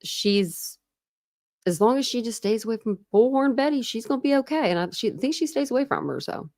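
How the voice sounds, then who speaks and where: A woman's voice: fairly high pitch, lively intonation, a little fast, darkish tone, no echo. Chatty woman on a dry live stream. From Ohio, USA. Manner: rambling, chatty, laughs often, answers chat comments. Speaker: true crime YouTuber. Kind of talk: casual livestream chat.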